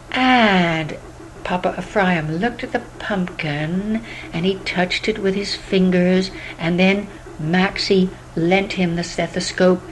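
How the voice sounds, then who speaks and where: A woman spinning an improvised story for children, unhurried and homespun. She rambles a little and searches for words, with a faint hum of background noise behind her. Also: lowish voice, rough recording.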